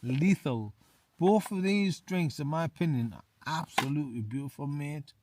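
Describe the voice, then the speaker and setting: A man's voice: on the high side, moderate pace, darkish tone, a little hiss or hum. A tipsy man reviewing beers to camera from inside a small tent. He chats loosely, keeps saying "mate" and repeats himself. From England. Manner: chatty, says "mate" constantly, repeats himself. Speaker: outdoor vlogger. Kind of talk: casual beer review to camera. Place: small tent in winter hills.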